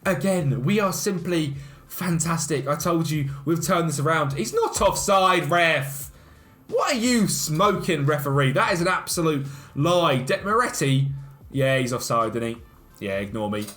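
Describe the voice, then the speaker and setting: Lively man commentating his football game. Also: a little high, measured pace. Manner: animated, shouts at the referee, self-mocking. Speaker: gaming YouTuber.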